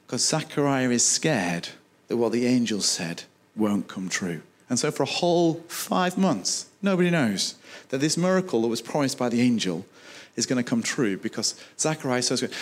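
Animated man preaching a sermon. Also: mid-range voice. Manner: animated storytelling, acting out dialogue.

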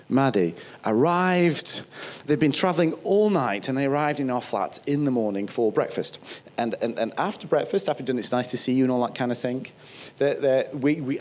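A man with a northern English accent, preaching a sermon in a chatty, storytelling way that often restarts phrases. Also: medium pitch. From northern England. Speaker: pastor.

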